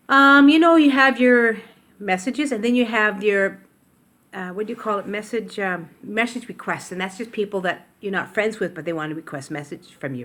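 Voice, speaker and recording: A woman's voice: medium pitch, fairly bright tone. Older woman vlogger, casual and meandering, self-corrections, kitchen recording on a tablet. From Canada. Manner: chatty, rambling, self-interrupting. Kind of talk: casual chat to camera. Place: home kitchen. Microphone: tablet camera.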